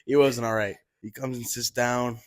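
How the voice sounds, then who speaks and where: A man telling stories in casual chat, animated, swearing and laughing as he goes. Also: medium pitch, normal speed, no room sound. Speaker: podcast guest telling stories.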